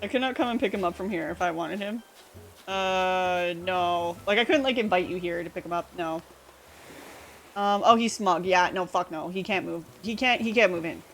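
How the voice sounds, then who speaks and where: A woman's voice: on the low side, normal speed, a little hiss or hum. A young woman with a Canadian accent, a streamer chatting casually and rambling with many fillers while she plays. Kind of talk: casual livestream chat. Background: faint game music.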